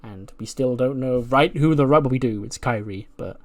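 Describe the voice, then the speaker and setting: A man's voice: medium pitch, normal speed. A man casually narrating a wrestling management game, rambling with lots of fillers. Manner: rambling, lots of "like" and "you know". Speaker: let's play narrator.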